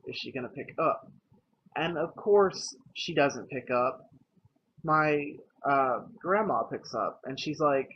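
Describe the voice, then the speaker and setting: A young man telling a personal story to camera, candid and hesitant, pausing and restarting often. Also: medium pitch. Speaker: vlogger. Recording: dull lo-fi with faint noise.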